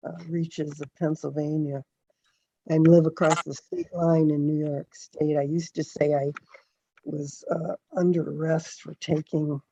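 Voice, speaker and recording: Slow, low-voiced woman reading poetry. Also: level tone, warm tone, breathy edge, dry recording. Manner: unhurried, conversational between poems. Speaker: poet reading at a literary event. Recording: dull, dry video call audio.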